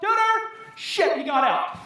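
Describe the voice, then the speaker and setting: A woman telling a comic story on stage, animated and laughing often. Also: very high voice, normal speed, a little hiss or hum. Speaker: storytelling contestant. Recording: echoey hall from a distance.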